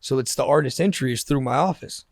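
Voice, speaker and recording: A man's voice: mid-range voice, quick pace, dry recording, clean studio sound. A man being interviewed on a podcast, telling stories animatedly and acting out the dialogue, often laughing as he talks. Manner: acts out quoted dialogue in his stories. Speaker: interview guest. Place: podcast studio.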